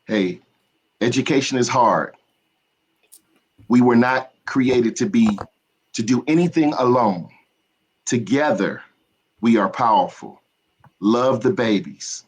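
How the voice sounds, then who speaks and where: A man's voice: mid-range voice, slow pace, long pauses, breathy edge, rough recording. A man speaking as a guest educator on a podcast, earnest and encouraging. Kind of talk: casual podcast talk.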